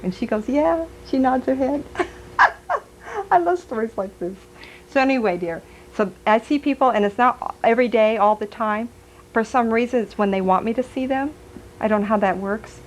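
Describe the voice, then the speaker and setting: A woman's voice: medium pitch, a little mellow, a little hiss or hum, rough recording. A woman giving a live stage reading as a psychic medium, chatty and giggly, passing on messages aloud.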